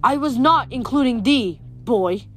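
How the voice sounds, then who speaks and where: A woman's voice: high-pitched, lively intonation, a little slow, fairly bright tone, faint music behind. A woman reading a book aloud, voicing a haughty teenage huntress who speaks in a formal, old-fashioned way. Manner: formal and archaic, curt.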